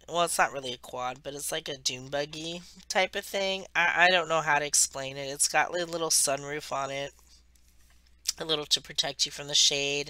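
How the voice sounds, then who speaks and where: An American woman who hosts a craft channel rambles chattily through a travel story as she works, correcting herself along the way. Her voice is low and sharp in tone, with no room sound.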